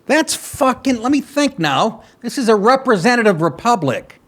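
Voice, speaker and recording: Sarcastic high-pitched ranting male host. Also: sing-song, moderate pace. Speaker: talk show host. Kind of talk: profane political commentary over clips.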